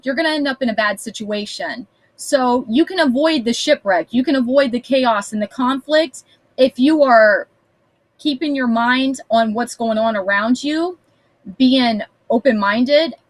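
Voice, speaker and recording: A woman's voice: a little high, no room sound, poor audio. Chatty woman giving a tarot reading. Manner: chatty, blunt, swears casually. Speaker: tarot reader. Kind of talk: casual tarot reading to camera. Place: small house, indoors.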